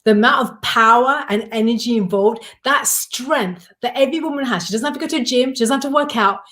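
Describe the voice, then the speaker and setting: A woman's voice: fairly high pitch, brisk, fairly bright tone. A woman on a panel speaking passionately and emphatically. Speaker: panel guest. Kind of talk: live panel discussion.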